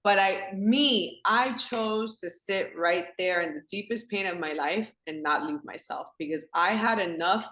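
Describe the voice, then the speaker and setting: A woman hosting a women's circle on a phone call. She talks with earnest feeling, often says "like", and breaks into animated, excited voices. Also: mid-range voice, unhurried, hardly any pauses, reverberant. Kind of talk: spiritual talk to a women's group. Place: home in Miami.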